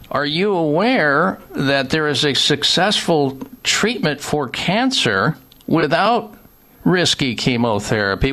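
A man hosting a radio talk show in an emphatic way, pushing his pitch up hard on key words and cutting in to make his own points. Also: sharp tone.

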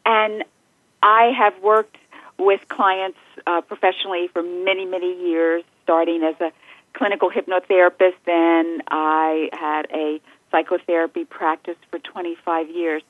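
A woman's voice: on the low side, level tone, a little slow, dry recording. A middle-aged woman, a joy and empowerment facilitator, speaking as a podcast guest in an effusive, heartfelt way. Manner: effusive and heartfelt, laughs often. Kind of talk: interview conversation. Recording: tinny phone line.

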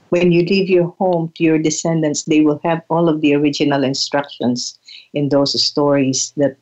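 Older woman with a low, halting voice. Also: muffled recording. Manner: halting, repeats words, soft laughs. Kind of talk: reflective storytelling.

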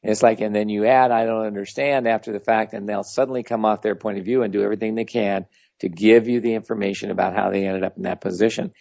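A man's voice: on the low side, steady tone, fast, gravelly, darkish tone, dry recording. A man giving a casual, rambling talk as a spiritual teacher, blunt and full of anecdotes. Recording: dull lo-fi audio.

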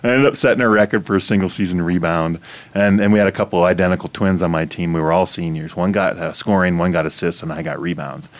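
A middle-aged man from Iowa, hosting a casual conversation and telling stories with animated laughter. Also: sits low, quick pace. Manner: animated storytelling, laughs often. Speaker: host.

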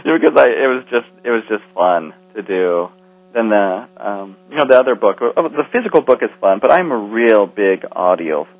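A man who wrote a book and narrated its audiobook, chatting in an interview, playful and quick to laugh. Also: fairly low pitch, animated, no room sound, narrow, tinny audio. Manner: playful, laughs often, breaks into character voices. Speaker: author and audiobook narrator guest. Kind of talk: casual interview chat.

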